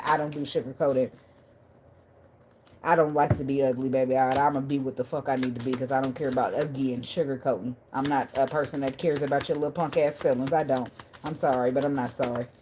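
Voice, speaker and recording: A woman reading tarot cards for her viewers in a casual, unfiltered way. She talks bluntly and swears freely, preaching and then laughing. Her voice sits fairly low, with a faint hum of room ambience behind her. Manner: animated, laughing and addressing viewers by name. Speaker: tarot reader.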